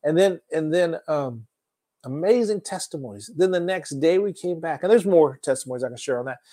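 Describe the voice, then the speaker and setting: A man preaching a sermon, telling a testimony in an animated storytelling manner that swings between loud and soft. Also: fairly high pitch, fairly quick.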